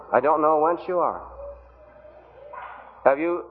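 Heard on an old recording with a tinny, phone-like quality, a preacher pleads with his congregation through rhetorical questions in an earnest evangelistic sermon. He has a medium pitch, a moderate pace, and pauses often.

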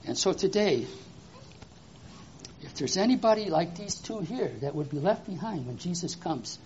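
An animated children's preacher who exclaims and keeps asking the kids questions. The voice sits at a middle pitch, and the recording is dull and lo-fi with faint hiss underneath. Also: normal speed. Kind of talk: children's sermon with object lesson.

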